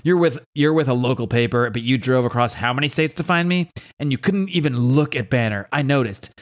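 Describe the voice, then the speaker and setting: A man voicing a hulking green male monster who speaks in short, gruff, threatening lines. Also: mid-range voice, fairly quick, natural voice. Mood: blunt.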